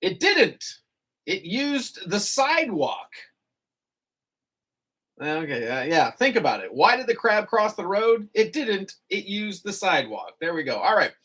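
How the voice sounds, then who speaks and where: Radio host, casual morning chat, bouncy intonation, middle pitch, studio mic. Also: very animated, moderate pace, few pauses, a bit bright, husky. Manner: chatty, reads out listener jokes with groans and chuckles.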